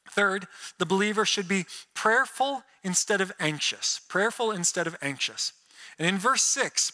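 A man's voice: high-pitched, bright, forceful tone. A man preaching a sermon, earnest with sarcastic asides and playful mock voices. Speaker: pastor. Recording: reverberant hall.

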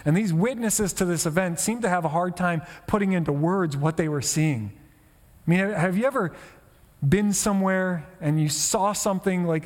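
Male pastor, conversational sermon delivery, slightly raised pitch, long hall reverb. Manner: conversational, with rhetorical questions.

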